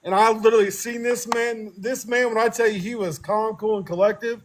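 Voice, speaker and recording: A man's voice: sits high, steady tone, a little fast, slight background noise. A young man co-hosting a casual podcast, animatedly telling a family story, acting out voices and laughing often. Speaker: podcast co-host.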